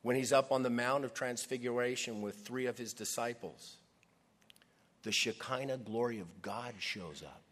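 A man delivering a sermon at an ordinary pitch for a man. He swings between loud, emphatic declarations and soft, hushed near-whispers, often slowing for weight. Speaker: pastor.

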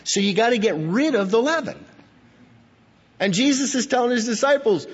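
A man's voice: extremely high pitch, expressive, normal speed, pauses often, slightly rough, long reverb tail, muffled recording. A male pastor preaching earnestly and emphatically, reading scripture and asking rhetorical questions.

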